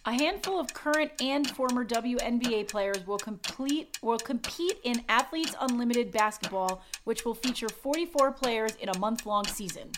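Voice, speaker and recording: Female sports podcast co-host, a bit high-pitched, playful and chatty. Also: animated, normal speed, few pauses, noisy background. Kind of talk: casual sports chat.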